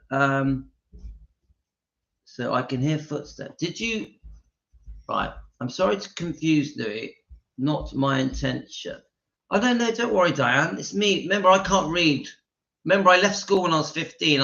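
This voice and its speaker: A man's voice: on the high side, expressive, unhurried, vocal fry, pushed and bright, dull audio. A man hosting a casual livestream, reading viewer comments aloud and giving his opinions emphatically. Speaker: channel host reading live chat.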